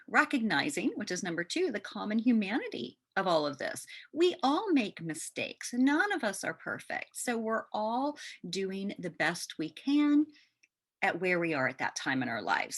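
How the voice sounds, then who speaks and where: Animated gravelly-voiced woman host. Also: medium pitch, moderate pace. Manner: gentle, conversational, often asks "right?". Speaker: podcast host. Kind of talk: casual self-help talk.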